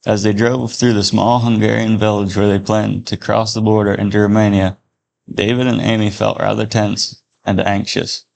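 A man reading a Christian story aloud in a steady, unhurried way. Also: fairly low pitch, vocal fry, a little hiss or hum.

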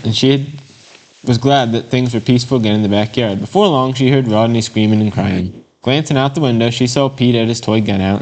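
A man reads a short children's story aloud for a Bible lesson, unhurried and plain, now and then stumbling over a word. His voice sits at an ordinary middle pitch for a man. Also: a little mellow. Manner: plain, unhurried reading aloud with occasional slips and fillers. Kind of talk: reading a children's devotional story and scripture aloud.

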